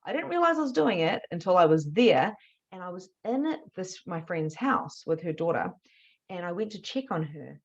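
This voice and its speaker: A woman, a spiritual mediumship teacher telling a candid story to camera, animated and swearing freely. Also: on the low side, moderate pace, highs cut off. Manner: animated, swears freely, acts out her own past reactions.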